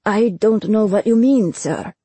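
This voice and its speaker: A woman's voice: medium pitch, unhurried, mellow, breathy edge, no room sound. A woman narrator voicing a young male mage who pleads earnestly while hiding who he is. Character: young male mage in disguise, anxious but playing innocent.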